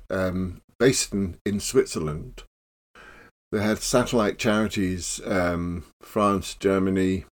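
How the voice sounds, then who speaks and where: Older man, professional clown, slow unhurried storytelling, lively swinging pitch, laughs often. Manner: animated, laughs often, acts out quotes. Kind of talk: casual storytelling interview.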